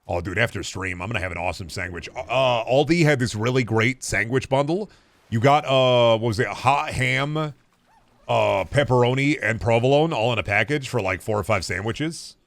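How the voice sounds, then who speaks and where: Chatting casually over his game stream, this thirtysomething man rambles, stays relaxed, and curses without holding back. He speaks at a moderate pace in a medium pitch, and the recording has no echo.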